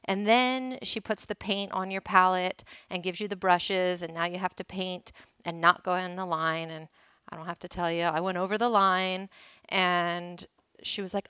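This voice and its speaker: A woman's voice: lowish voice, fairly even intonation, moderate pace, pushed and bright, smooth, no room sound, dull audio. A woman hosting a wellness talk, telling a candid, self-deprecating personal story. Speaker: wellness teacher and host.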